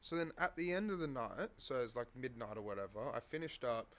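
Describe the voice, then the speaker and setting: An Australian man hosts a relaxed podcast chat, telling a long story at a middling pitch. He keeps checking in with "right?" as he goes. His delivery stays loose and conversational. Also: brisk. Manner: tags lines with "right?". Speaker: podcast host.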